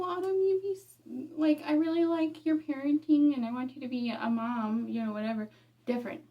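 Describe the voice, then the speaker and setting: A woman's voice: on the high side, darkish tone, distant mic. A young woman venting frankly in a get-ready-with-me chat, swearing often and checking in with "okay?". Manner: frank, swears freely, keeps saying "okay?"; ranting and exasperated. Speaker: vlogger.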